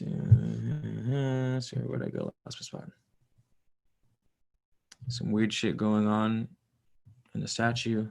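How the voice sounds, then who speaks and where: A man's voice: lowish voice, gravelly, fairly bright tone. A young man reading a book aloud on a live stream, drifting into rambling, swearing asides and chatting with viewers.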